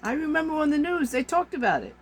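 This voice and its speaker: A woman's voice: high-pitched, big pitch swings, fast talker, slight background noise. A woman vlogger delivers an exasperated, emphatic rant to camera, repeating her points for force. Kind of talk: ranting monologue to camera.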